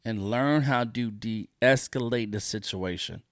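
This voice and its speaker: A man on a solo podcast, venting in a heated, profane rant that circles back on the same points again and again. His voice sits at an ordinary middle pitch, and the sound is close and dry, with no room around it. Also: takes it slowly, no echo. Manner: profane, indignant, repeats his points for emphasis. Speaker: podcast host.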